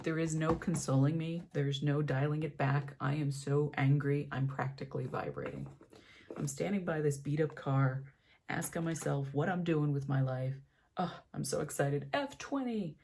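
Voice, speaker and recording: A woman's voice: low voice, a little hiss or hum. A young woman beauty vlogger doing her makeup while telling a story, acting out the voices of the people in it. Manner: animated storyteller, acts out quoted voices.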